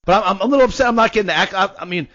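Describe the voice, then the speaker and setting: A man's voice: sits high, racing, fairly bright tone, dry recording, lo-fi sound. A man co-hosting a sports betting podcast, bragging jokingly in casual chat. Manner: boastful, joking. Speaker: podcast co-host.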